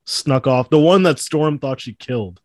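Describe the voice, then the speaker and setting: A man's voice: medium pitch, moderate pace, darkish tone, dry recording, studio quality. A man in casual chat, adding short offhand comments and shrugging remarks.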